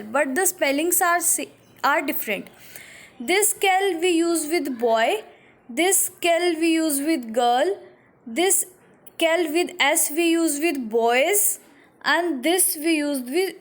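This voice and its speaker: A woman with an Indian English accent teaching a French lesson to school pupils, slowly repeating each phrase and explaining it. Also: very high voice. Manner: slow and repetitive, spelling things out for pupils. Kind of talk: online classroom lesson.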